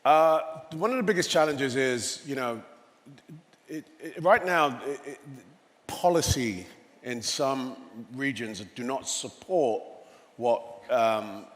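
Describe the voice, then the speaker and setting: Man in his fifties with an English accent, a stage guest telling stories in an even middle register, recorded in a reverberant hall. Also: medium pitch, takes it slowly. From England. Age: 50s. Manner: storytelling, tosses in "you know" often. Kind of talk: onstage conversation. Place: conference stage. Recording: long reverb of a large hall.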